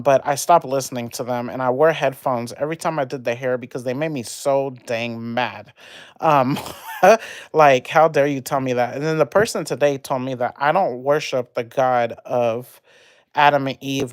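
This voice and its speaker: A woman's voice: very deep voice, normal speed, no echo, studio quality. Chatty woman venting on a livestream. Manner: rambling, animated, venting about an argument. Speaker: livestream host. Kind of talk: casual livestream chat.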